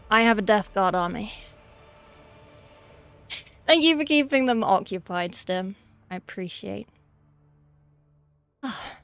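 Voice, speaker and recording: A woman hosting a casual livestream at her hobby desk, rambling as she reads chat aloud and answers it. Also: on the high side. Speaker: livestream host.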